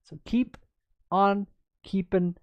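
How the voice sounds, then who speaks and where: A woman's voice: mid-range voice, steady tone, slow, no room sound, muffled recording. A woman chess coach in a livestreamed lesson, chatty and upbeat, answering viewers by name as she goes through moves.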